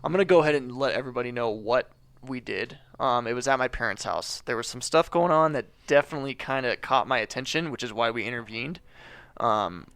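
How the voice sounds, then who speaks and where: A man co-hosting a podcast in relaxed, profane banter. He talks loosely, full of ums and restarts. The sound is close and dry. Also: mid-range voice, brisk, smooth, dry recording. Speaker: podcast co-host. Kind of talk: casual podcast chat.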